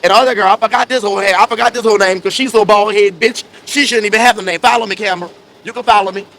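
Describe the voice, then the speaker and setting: A man's voice: high-pitched, steady tone, fast talker, pushed and bright. A man in a brash, profane comedic rant full of insults.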